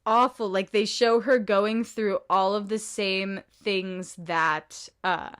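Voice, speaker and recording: A woman co-hosting a podcast in casual chat, animated and emphatic, laughing often. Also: medium pitch, takes it slowly, smooth. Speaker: podcast co-host.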